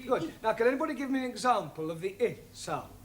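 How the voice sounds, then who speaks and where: A patient, wry English teacher. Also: male voice, sits high, lively intonation, fast talker, a little hiss or hum. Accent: British English. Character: patient young male English teacher, dry wit. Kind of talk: 1970s sitcom acting.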